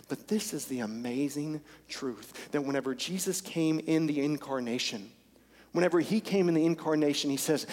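A man's voice: on the high side, moderate pace, a little mellow. A male pastor preaching a sermon in a church service, earnest and intense, repeating phrases for emphasis. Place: church sanctuary during a service. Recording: long church hall reverb.

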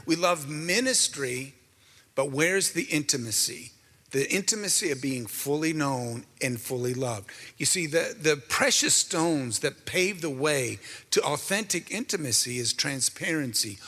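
A man's voice: fairly high pitch, lively intonation, a little slow, bright, forceful tone, long reverb tail. A man co-hosting a Christian talk show, telling his story in an earnest, preacherly way and speaking straight to the listeners. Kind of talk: preaching-style testimony.

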